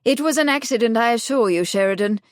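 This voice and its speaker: A woman putting on a nervous, prickly middle-aged inventor for an audiobook, defensive and frosty, his words hurried. The voice sits a little higher and louder than her usual reading tone. The recording is dry and close. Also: dry recording, lightly acted. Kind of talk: audiobook character voice.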